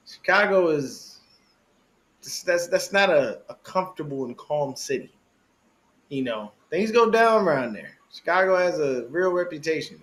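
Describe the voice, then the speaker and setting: A man co-hosting a casual sports podcast, chatting in an animated, slangy way and laughing often. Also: fairly high pitch. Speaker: podcast co-host.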